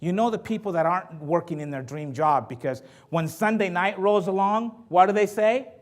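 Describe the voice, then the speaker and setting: High-pitched guy giving a motivational talk, jokey storytelling. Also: moderate pace. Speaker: motivational speaker.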